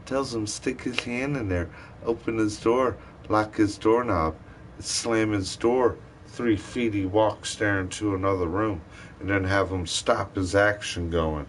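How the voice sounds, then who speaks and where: A man's voice: lowish voice, steady tone, measured pace, slight background noise. Bitter, profane man ranting on a stream. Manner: bitter, profane, rambling complaints. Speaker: live streamer. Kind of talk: rambling angry rant to a live stream.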